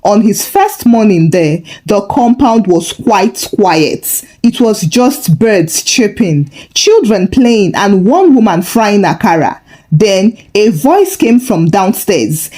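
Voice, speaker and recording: A woman storyteller narrating a folktale in a lively, expressive way. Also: fairly high pitch, a little slow.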